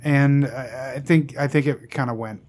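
A man's voice: mid-range voice, steady tone, moderate pace, darkish tone. Guy hosting a horror movie podcast, chill, laughs a lot, reads off the cast. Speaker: podcast host. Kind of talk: casual chat about movies.

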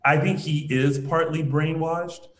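A man's voice: fairly high pitch, steady tone, a little slow, fairly bright tone. A man co-hosting a casual chat, reading out viewer comments as he recaps a soap opera. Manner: conversational, reads out viewer comments. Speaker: co-host. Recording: echoey room sound.

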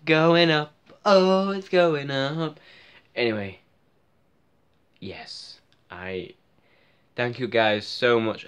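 A young man, rambling excitedly as he talks to the camera for his vlog. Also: medium pitch. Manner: excitable, rambling, sing-song celebrating. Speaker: vlogger. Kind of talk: casual vlog chat.

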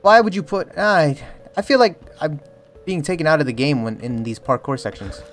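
A man's voice: fairly high pitch, moderate pace. A young man giving jokey, jumpy let's-play commentary on a horror game, yelping and panicking at scares. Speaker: streamer playing a horror game. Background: faint game music.

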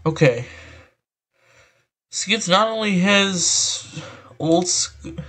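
This online commentator, using a voice changer, reads an article and keeps interrupting with rambling, exasperated comments and frequent sighs. His voice is high-pitched and a bit bright, and he speaks very slowly.

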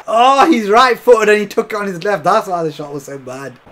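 A man giving excitable, chatty commentary over a football video game, often calling to his viewers as lads. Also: high-pitched, moderate pace, few pauses, background noise. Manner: chatty, keeps calling viewers lads, bursts into shouts and laughs. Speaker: gaming YouTuber.

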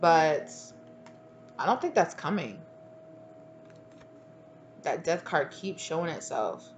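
A woman's voice: deep voice, sing-song, slow pace, a little hiss or hum. A woman giving a casual channeled tarot reading, sassy and slangy, laughing at herself. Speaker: tarot reader.

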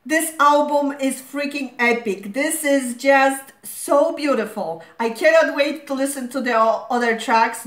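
A woman hosting a reaction video, gushing as an excited fan with a hoarse voice worn out from screaming. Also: high-pitched. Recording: echoey room.

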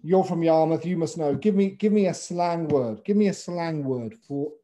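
A man with an English accent, a pitch coach teaching a webinar over a video call in a playful way, calling on participants by name. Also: moderate pace, dark tone, a little hiss or hum. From England.

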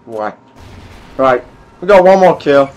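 A man's voice: mid-range voice, animated, slow pace, highs cut off, heavy background noise. A young man giving gameplay commentary, muttering to himself and swearing at the game. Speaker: gaming YouTuber.

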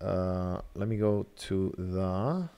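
A man's voice: low voice, slow, smooth, muffled recording. A man from Nicaragua hosting a live-stream phone review, talking casually with many fillers and restarts. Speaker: livestream host reviewing a phone.

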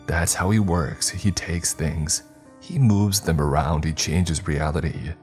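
A man's voice: extremely low pitch, fairly even intonation, slow pace, darkish tone, soft background music. A man voicing a frightened young man who is losing his grip, panicked and pleading, breaking into screams, in a horror story. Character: frightened, unraveling young man haunted by a presence.

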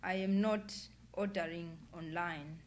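A woman's voice: lowish voice, fairly even intonation, takes it slowly. A woman reading as an insistent, exasperated caller. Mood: exasperated firm. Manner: firm, exasperated.

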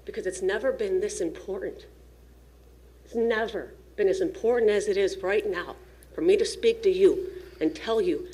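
A woman's voice: mid-range voice, normal speed, mellow. A woman giving an emotional, pleading public comment at a school district meeting, nervous and shaking as she speaks into a podium microphone. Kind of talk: impassioned public comment speech.

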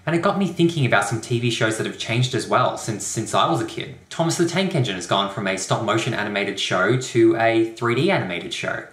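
A young man hosting a comedic rant video, talking with sarcastic, deadpan asides. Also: fairly low pitch, a little fast, few pauses. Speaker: YouTube host. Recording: roomy echo.

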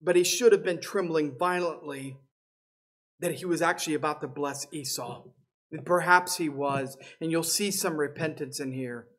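A man's voice: a little high, moderate pace, fairly bright tone. A man, a pastor, preaching an expository sermon and retelling a scripture story.

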